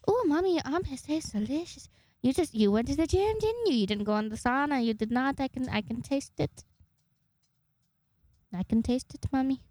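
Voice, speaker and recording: A woman's voice: sits high, expressive, normal speed, a little mellow, no room sound. A woman voicing her needy young female pet cat, whining and pleading in a babyish way. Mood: teasing.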